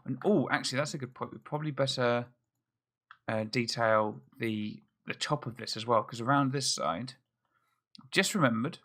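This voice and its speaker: A man with a bright, edgy tone and a gravelly rasp running through his voice chats his way through a game. He thinks out loud and pokes fun at himself as he builds. He speaks at a middle pitch. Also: normal speed. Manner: chatty, self-mocking, thinks aloud. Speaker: let's play host. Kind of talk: casual gameplay commentary.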